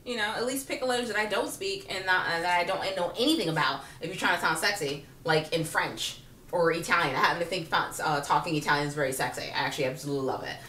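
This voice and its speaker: A woman's voice: fairly low pitch, fast, reverberant, recorded from a distance, slight background noise. A woman telling a comic personal story in a casual, sassy way, laughing often and acting out what people said. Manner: animated, sassy, laughs often, acts out quotes. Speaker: vlogger.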